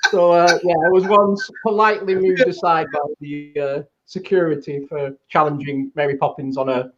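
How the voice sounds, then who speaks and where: A man's voice: a little high, moderate pace. Wry rambling male guest on dull audio. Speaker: podcast guest. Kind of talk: casual chat.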